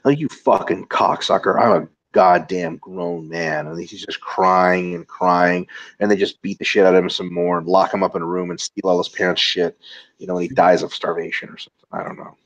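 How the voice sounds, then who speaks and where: A man's voice: low voice, level tone, fairly quick, a bit bright, dry recording, lo-fi sound. A man co-hosting a casual webinar who reads out viewer questions and jokes in a crude, profane way. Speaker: co-host reading viewer questions.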